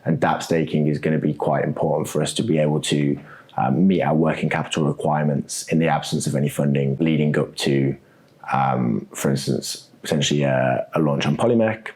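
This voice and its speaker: With a bass voice and a slightly fast delivery, the co-founder of a web3 architecture startup chats casually as an interview guest. He's relaxed, thinks aloud full of ums, and tags many points with "right?".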